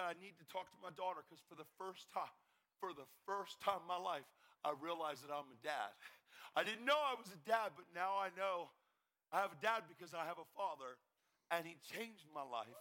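Male conference preacher from Pennsylvania: bright, forceful tone, fast storytelling with shouted peaks. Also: high-pitched. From York, Pennsylvania, US. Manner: fast, urgent storytelling with sudden shouted bursts. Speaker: evangelist speaker. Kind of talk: conference testimony sermon.

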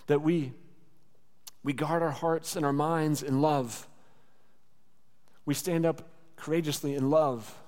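A man's voice: fairly high pitch, steady tone, slow, pauses often, darkish tone. A man preaching a sermon as pastor, earnest and conversational, with lots of rhetorical repetition. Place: church sanctuary. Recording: long hall reverb.

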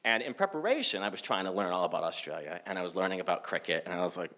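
Speaking a little fast in a lowish voice, a man in his forties from Massachusetts performs a story onstage in a theater. He pokes fun at himself, stays animated and plays out the dialogue.

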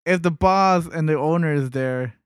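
Brief: relaxed podcast co-host, slightly high voice, teasing, dry close mic. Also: male voice, normal speed, clean tone, no room sound. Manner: laid-back, short reactions, teasing. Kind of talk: casual chat.

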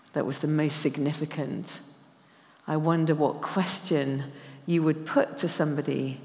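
Woman preacher, slightly low voice, conversational sermon with echoey church reverb. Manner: conversational, reads scripture slowly and emphatically.

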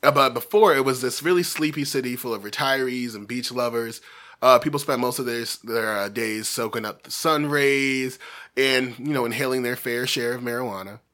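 A man's voice: mid-range voice, moderate pace, pushed and bright. A man co-hosting a casual podcast chat, joking and rambling with self-deprecating asides. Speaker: podcast co-host.

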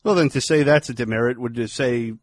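Man, podcast co-host, rapid rambling talk, profane jokes, dry close sound. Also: mid-range voice, dry recording. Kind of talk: casual film commentary chat.

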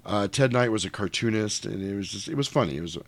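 A man's voice: fairly low pitch, fast, no room sound. Dry-sounding man recapping a movie. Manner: animated retelling, acts out lines from the film. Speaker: podcast co-host. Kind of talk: casual movie recap chat.

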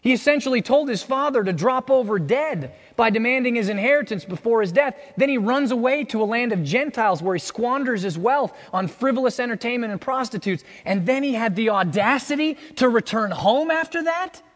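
A man's voice: very high voice, expressive, a little fast, hardly any pauses, in a large hall. A man preaching a sermon, reading scripture aloud and asking the congregation rhetorical questions. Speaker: pastor. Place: church.

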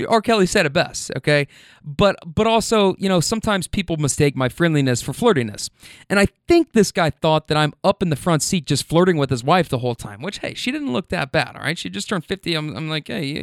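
A man's voice: a little high, no room sound, clean studio sound. Rambling, profane male storyteller. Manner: rambling, profane, many restarts. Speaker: podcast host and rideshare driver. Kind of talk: casual storytelling.

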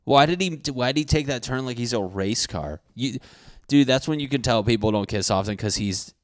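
A young man reacting to a dating show clip in crude, excitable commentary, often swearing and acting out what people are thinking. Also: medium pitch, moderate pace, no echo, studio quality. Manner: excitable, swearing, mock-narrating others' thoughts.

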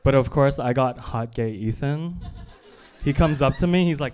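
A man's voice: medium pitch, moderate pace, darkish tone. A man doing live comic storytelling on stage, chatty and self-deprecating with lots of asides and fillers. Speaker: stand-up comedian. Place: live evening show on stage.

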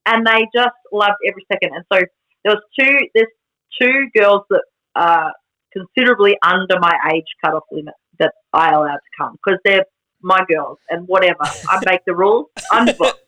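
A woman who is a jiu-jitsu black belt, telling stories in casual podcast chat, animated and peppered with "like" and laughter. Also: mid-range voice, brisk, poor audio. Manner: animated storytelling, heavy use of "like", frequent laughs.

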